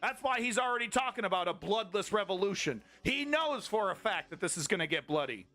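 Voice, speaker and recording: Male stream host, angry political rant, swears a lot, slightly high voice, faint music under it. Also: lively intonation, brisk, pushed and bright. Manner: heated, profane, rambling with restarts. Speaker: live-stream news host. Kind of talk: angry political commentary to chat.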